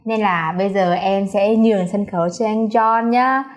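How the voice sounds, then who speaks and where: A woman's voice: medium pitch, moderate pace. A woman introducing a language lesson in a friendly, upbeat way before handing over. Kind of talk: casual introduction.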